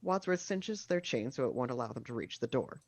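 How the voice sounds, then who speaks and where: A man narrating the stage directions of a screenplay at a casual video-call table read, with steady reading and dry asides. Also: mid-range voice, brisk, no room sound.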